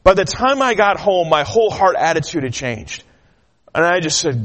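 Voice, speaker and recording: Guy preaching, chatty story with lots of uhs, slightly high voice, big echoey church. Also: big pitch swings, normal speed, a bit bright. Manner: folksy storytelling with frequent uh fillers. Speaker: pastor. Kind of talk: sermon. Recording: long hall reverb.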